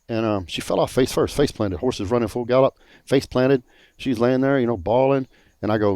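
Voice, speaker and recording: A man's voice: medium pitch, fast, darkish tone, no echo. A middle-aged man, telling stories bluntly and cursing freely in a casual panel chat. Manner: blunt, profane storytelling. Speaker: pro bodybuilder on a panel.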